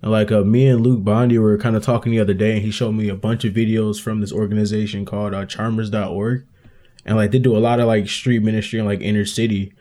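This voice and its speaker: A man's voice: on the low side, little pitch movement, fast, dark tone. A man hosting a casual faith conversation, speaking earnestly and reflectively, building his points step by step.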